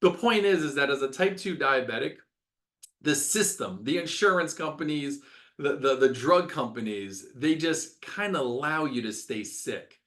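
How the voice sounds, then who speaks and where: A man's voice: on the high side, expressive, moderate pace, bright, forceful tone. A middle-aged man, a doctor hosting a webinar, talking with passion, ranting and repeating words for emphasis.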